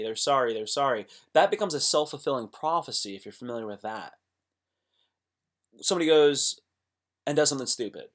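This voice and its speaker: Young male streamer giving an animated motivational talk that swings from quiet to loud. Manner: animated, swings between low murmurs and loud exclamations; acts out quoted voices. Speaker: live streamer. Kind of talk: casual motivational monologue.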